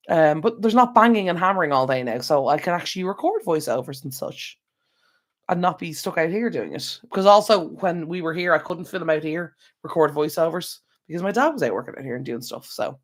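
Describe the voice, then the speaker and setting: An Irish man hosts a casual live stream from home, tired and yawning, rambling chattily and talking straight to his viewers through an external microphone. His voice is fairly high, expressive, and fairly quick.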